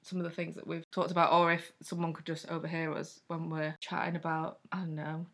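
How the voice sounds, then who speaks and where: Bright-voiced young woman co-host. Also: sits low, monotone, fairly quick. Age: 20s. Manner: playful, teasing. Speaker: podcast co-host. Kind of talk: casual chat.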